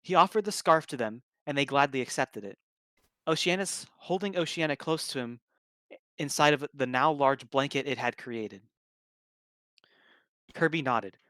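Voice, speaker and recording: A man's voice: mid-range voice, normal speed, pauses often, a bit bright, no room sound. A man reading a story aloud on a live stream, casually breaking off to comment. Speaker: story reader, stream host.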